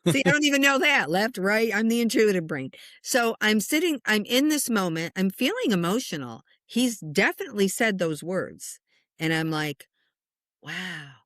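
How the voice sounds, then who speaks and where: A middle-aged woman, a spiritual medium, telling a personal story in conversation with lots of lively swings and chuckles. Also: medium pitch, moderate pace, no room sound, studio quality. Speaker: spiritual medium and meditation teacher.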